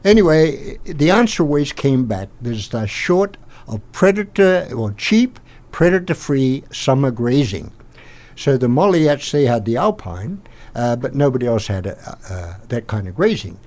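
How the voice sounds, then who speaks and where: An older Australian man, a podcast guest, rambling through an animated anecdote and acting out the quotes. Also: mid-range voice, a little slow. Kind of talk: anecdotal storytelling.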